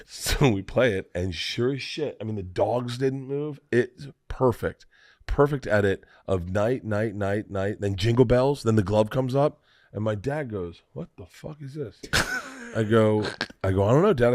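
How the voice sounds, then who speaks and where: A man in his forties telling a long story on a podcast, animated and profane, laughing through it. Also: fairly low pitch, dry recording, studio quality. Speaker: podcast host. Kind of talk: casual storytelling chat.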